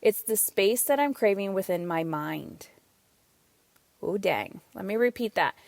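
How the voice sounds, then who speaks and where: A woman's voice: medium pitch, unhurried, dry recording. Emphatic woman podcast host, dry sound. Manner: energetic, emphatic, swears casually. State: out of breath. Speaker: podcast host and parenting coach. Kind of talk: solo podcast monologue.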